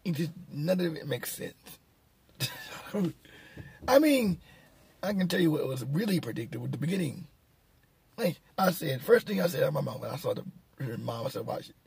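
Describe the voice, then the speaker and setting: A man's voice: on the high side, lively intonation, normal speed, gravelly, long pauses, darkish tone, breathy edge, dry recording. A man giving a casual, rambling film review, sarcastic and mocking, chuckling at his own jokes. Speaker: movie reviewer.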